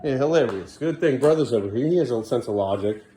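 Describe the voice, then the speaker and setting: A man filming a casual home vlog in a bathroom, coaxing his toddlers along and dropping quieter asides to the camera. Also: mid-range voice, expressive, fast. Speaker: parent vlogger.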